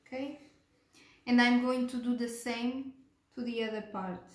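A woman teaching a cake decorating tutorial step by step, gentle and unhurried, pausing with fillers and checking in with "okay?". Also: on the high side, fairly even intonation. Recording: echoey room.

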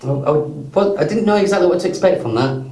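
A man with a Yorkshire accent and a slightly high voice talks through a wine in casual chat, hesitating and restarting with easy laughs. He sounds set back from the mic in a roomy, echoing space. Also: expressive, fairly quick, warm tone, far from the mic. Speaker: wine presenter.

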